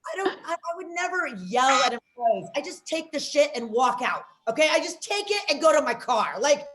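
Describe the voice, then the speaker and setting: A woman from Las Vegas hosting a comedy show, doing loud, rambling, self-mocking stand-up. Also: high-pitched, very animated, moderate pace.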